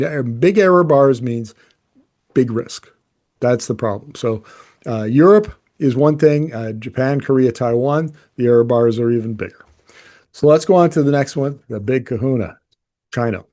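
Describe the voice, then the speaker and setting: Guy journalist talking gas demand numbers, mellow, kinda dark voice, casual and opinionated, lots of restarts. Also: mid-range voice. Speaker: energy journalist. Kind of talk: explanatory commentary.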